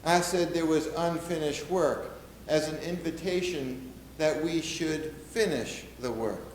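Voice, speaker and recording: In a reflective first-person portrayal, a reenactor plays a solemn, middle-aged American president of the nineteenth century, delivering lines in a measured, oratorical way. His natural voice sits slightly high at an unhurried pace, set against a roomy space with faint ambience and a little hiss or hum.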